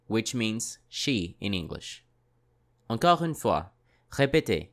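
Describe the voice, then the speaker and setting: A man teaching French pronunciation in English, modelling each sound slowly and repeating it, with short French classroom prompts in between. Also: mid-range voice, big pitch swings, fairly bright tone. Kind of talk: slow, deliberate language lesson.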